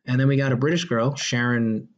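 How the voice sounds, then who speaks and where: A man's voice: mid-range voice, steady tone, a little fast. A man hosting a casual podcast chat reviewing a movie, enthusiastic and rambling, with many fillers and restarts. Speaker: podcast host. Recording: dull lo-fi sound.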